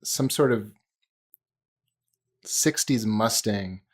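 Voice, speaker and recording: A man's voice: fairly low pitch, extremely slow. A man chatting casually on a podcast as a guest, playful and teasing. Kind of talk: casual chat.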